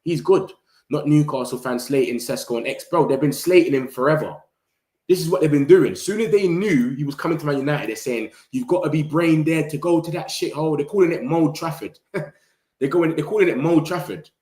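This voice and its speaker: A man's voice: fairly high pitch, brisk, reverberant. A young man, chatting loosely and animatedly about football transfers as a channel host, full of slang and banter. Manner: animated slang-heavy banter, laughs often. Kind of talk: casual live transfer-news chat.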